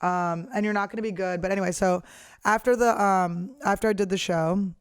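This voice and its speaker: Woman comedian, thirties, profane, animated, storytelling rant, dry recording. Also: medium pitch, fairly quick, smooth, no room sound. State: hiccuping and burping. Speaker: comedian and host. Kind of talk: casual rant to camera.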